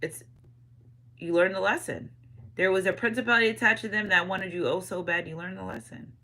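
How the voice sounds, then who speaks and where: Bright-voiced woman giving a tarot reading. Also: medium pitch, steady tone, brisk, slight background noise, poor audio. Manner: slangy, repeats catchphrases, talks straight to viewers. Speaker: tarot reader.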